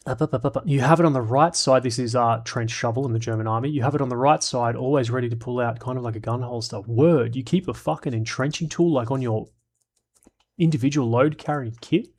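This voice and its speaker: Brief: man, live streamer, casual and profane, middle-pitched voice. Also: fairly quick, darkish tone. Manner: blunt and profane, reads chat aloud.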